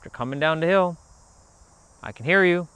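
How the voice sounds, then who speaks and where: A man's voice: a little high, normal speed, clear, resonant tone. Man rambling on an outdoor livestream. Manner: rambling, animated, calls out to passersby. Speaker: livestream host. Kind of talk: casual outdoor livestream chat. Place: outdoors near a park.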